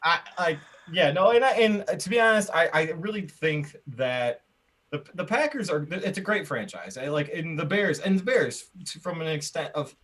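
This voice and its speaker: An American man and podcast co-host in a casual sports debate, talking in an animated, argumentative way with many restarts. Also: a little high, normal speed.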